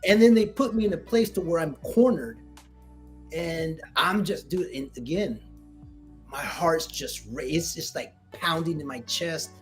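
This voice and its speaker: A Marine veteran telling a story in a casual interview, slangy and animated, acting out what people said to him. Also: male voice, a little high, a little slow, faint music behind. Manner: animated retelling, slangy, acts out quoted dialogue.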